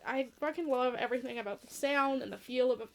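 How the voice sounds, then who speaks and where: A woman's voice: sits high, quick pace. A woman co-hosting a casual chat about albums, with many fillers. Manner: casual, says "like" often. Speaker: co-host reviewing albums.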